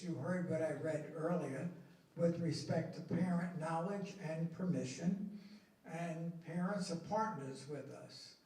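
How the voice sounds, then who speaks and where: A middle-aged man presenting policy at a school board meeting, slow and emphatic, stressing key words. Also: on the high side, dark tone. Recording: echoey meeting room from far off.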